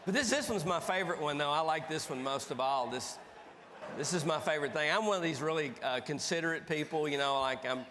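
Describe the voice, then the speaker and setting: A man, telling funny stories as a keynote speaker in a folksy, animated way. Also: medium pitch. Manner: folksy, animated, acts out dialogue. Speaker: motivational speaker. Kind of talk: humorous keynote storytelling. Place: large conference hall with audience. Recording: reverberant hall, faint background noise.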